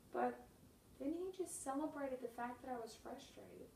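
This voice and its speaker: A woman reading her own humorous memoir with wry, deadpan comic timing and sudden bursts. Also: a little high, moderate pace, vocal fry, roomy sound, recorded from a distance, a little hiss or hum, rough recording.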